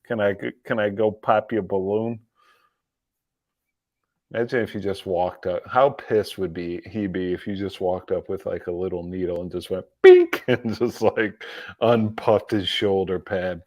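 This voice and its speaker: A man talking slowly and at length on a live commentary stream, his voice sitting fairly low. He is mocking and sarcastic, laughs often, and trips over and repeats his words. The recording is dry and close. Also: fairly even intonation, darkish tone, no room sound. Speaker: livestream political commentary host.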